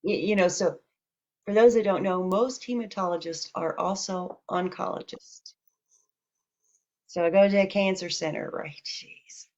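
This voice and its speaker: A woman's voice: lowish voice, measured pace. A woman telling a personal story in a casual, candid way, acting out what people said to her. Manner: candid, animated retelling with quoted dialogue. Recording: dull lo-fi audio.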